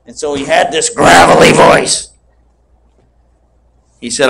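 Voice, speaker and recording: A man in his sixties preaching a sermon in a slow, emphatic way. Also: fairly high pitch, creaky, a bit bright. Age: 60s.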